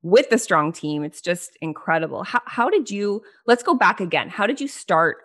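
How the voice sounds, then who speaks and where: A woman's voice: medium pitch, animated, moderate pace. A woman hosting a podcast, chatting with a guest in an enthusiastic, talkative way. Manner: enthusiastic, chatty, laughs often. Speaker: podcast host. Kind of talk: casual interview chat.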